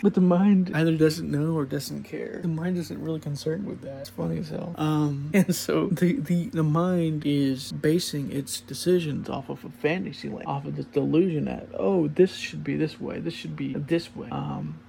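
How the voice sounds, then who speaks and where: A man's voice: fairly high pitch, steady tone, normal speed, gravelly, few pauses, mellow, slight background noise. A young man hosting a podcast, rambling through a spiritual monologue, laughing at his own points and acting out voices of the mind. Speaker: podcast host.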